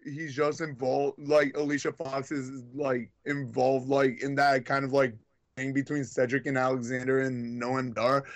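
A man's voice: mid-range voice, little pitch movement, measured pace. A man co-hosting a casual wrestling chat, rambling with many restarts and filler words.

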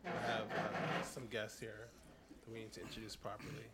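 A man's voice: on the low side, little pitch movement, normal speed, very noisy. Teasing male podcast host. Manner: playful teasing banter. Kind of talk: casual podcast chat.

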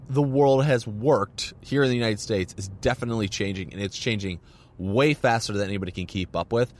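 A man's voice: mid-range voice, a little fast. Rambling man hosting a solo podcast. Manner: rambling, filler-heavy, many restarts. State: hiccups. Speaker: podcast host. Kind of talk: casual solo podcast monologue.

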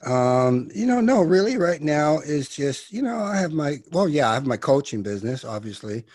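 High-voiced fiery motivational man. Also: sing-song, normal speed, dry recording, studio quality. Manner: impassioned, preachy, swings from loud to hushed. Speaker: guest, actor and coach. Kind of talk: motivational interview talk.

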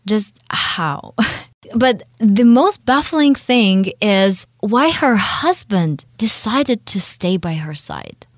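Woman guest, Russian accent, slow and reflective, lowish dry voice. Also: expressive, no echo. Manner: thoughtful, hedging, frequent laughs. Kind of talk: casual chat.

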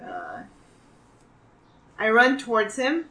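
A woman's voice: fairly high pitch, huge pitch swings, slow, bright, forceful tone. A woman playing a tabletop role-playing game, giggly and playful, recorded with a roomy echo. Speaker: player.

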